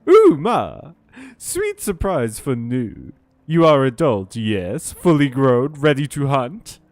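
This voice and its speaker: A man's voice: mid-range voice, huge pitch swings, slow, a little mellow, no room sound, heavily acted. A man voicing an eager, odd female bug creature who gushes in broken grammar. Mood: gushing.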